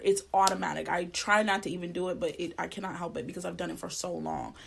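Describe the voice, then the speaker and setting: A woman's voice: medium pitch, gravelly, slight background noise. A woman co-hosting a podcast in casual chat, blunt and profane, telling her stories with animation. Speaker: podcast co-host.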